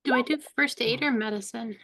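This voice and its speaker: A woman playing a tabletop game, talking in a relaxed, straightforward way. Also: fairly high pitch, brisk, gravelly, slight background noise. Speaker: player. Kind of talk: casual tabletop play.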